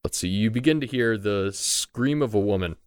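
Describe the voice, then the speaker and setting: A man's voice: fairly low pitch, expressive, moderate pace, smooth, no echo, studio quality. A young man narrating as game master of a tabletop game in a casual, loose way.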